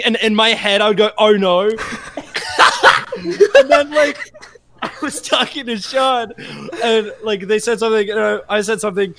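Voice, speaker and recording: High-voiced young man rambling with laughs. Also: vocal fry, fairly bright tone. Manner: rambling, fills every phrase with "like", swears, laughs often. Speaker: musician guest. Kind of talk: casual podcast chat.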